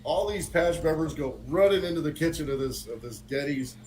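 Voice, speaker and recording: A man's voice: on the high side, animated, fairly quick, darkish tone, a little hiss or hum, low-quality recording. A middle-aged man telling a casual story with many fillers and frequent laughter. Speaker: guest on a motorcycle talk stream.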